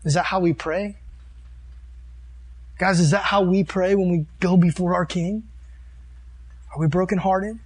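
Youth pastor type, man with a slightly high voice, casual earnest preaching, reads scripture and riffs on it. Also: steady tone, a little slow, pauses often, husky. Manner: reads and comments on scripture verses. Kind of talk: sermon. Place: meeting room with a live audience.

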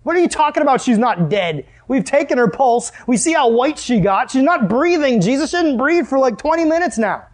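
A man's voice: very high voice, lively intonation, a little fast, hardly any pauses, voice pushed up. A man doing a scoffing, disbelieving mourner. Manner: mocking, exasperated.

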